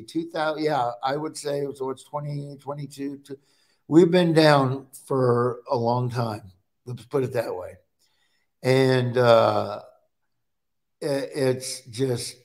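A middle-aged man from Nebraska, a guest in a casual chat, telling animated stories and acting out his own quotes. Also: mid-range voice.

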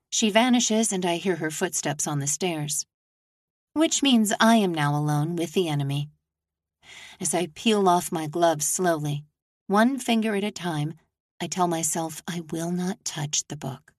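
A woman reading her novel aloud in a measured, first-person narration. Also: lowish voice, no echo, clean studio sound.

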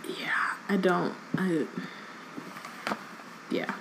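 A woman's voice: on the low side, extremely slow, vocal fry, a little hiss or hum. Woman, podcast co-host, casual plot recap, reads book passages aloud, echoey room.

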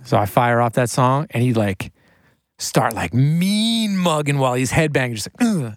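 A man's voice: mid-range voice, normal speed, dry recording. A man who works as a recording engineer tells casual studio stories, full of "like" and acting out the people in them. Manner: animated, full of "like", acts out the voices in his stories. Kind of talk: casual storytelling.

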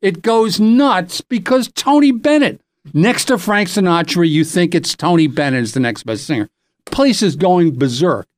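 A middle-aged man hosting a podcast, telling a rambling, animated anecdote in casual chat. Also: high-pitched, normal speed, no echo, clean studio sound. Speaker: podcast host.

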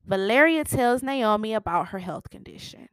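A woman's voice: a little high, expressive, normal speed, clean tone, no echo. A woman giving a casual, sassy recap of a TV episode. She laughs often and acts out the characters' lines as she goes. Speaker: TV recap vlogger.

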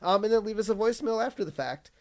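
A man co-hosting a casual podcast, excitable and laughing often. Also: sits high, racing. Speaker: podcast co-host.

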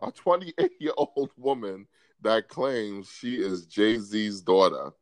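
A man hosting a casual podcast, animated and quick to laugh, his voice jumping high when he gets excited. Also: no echo. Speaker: podcast host.

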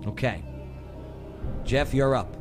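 A man hosting a talk show, running a trivia quiz with jokey, lively banter and frequent laughs. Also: mid-range voice, slow pace, music in the background. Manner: jokey, animated, laughs often.

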